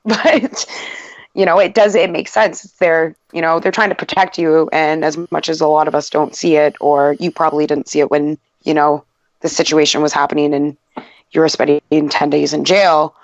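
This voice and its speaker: A woman's voice: deep voice, little pitch movement, moderate pace, dry recording. A woman on a podcast speaking candidly about a serious personal experience, with fillers and quoted asides. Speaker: podcast guest. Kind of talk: casual chat. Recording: dry, dull lo-fi podcast audio.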